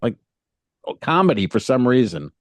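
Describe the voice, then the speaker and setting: With no echo in the recording, the comedian speaks at a moderate pace in a medium-pitched voice. His casual podcast chat turns into lively storytelling as he performs the hecklers and his own stage reactions.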